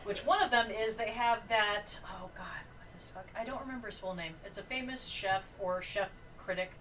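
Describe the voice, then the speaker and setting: A woman's voice: medium pitch, moderate pace. A woman on a podcast telling a funny story in casual chat, often laughing. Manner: giggly, expressive storyteller. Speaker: podcast co-host. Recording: distant mic with faint noise.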